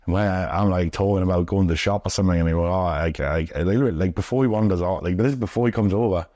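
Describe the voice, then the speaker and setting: A man's voice: low-pitched, rapid-fire, mellow, dry recording. A young man from the UK, a pro wrestler telling stories in a rambling, sweary, filler-heavy way in a sit-down interview. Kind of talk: casual storytelling.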